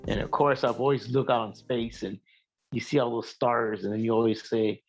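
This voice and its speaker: A man with a gravelly voice recounts a night drive in casual, halting speech, full of restarts. His voice sits at an ordinary pitch. The recording is dull and lo-fi. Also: fairly even intonation, faint music behind. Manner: rambling, halting with many restarts. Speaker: guest sharing a UFO sighting. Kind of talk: casual storytelling.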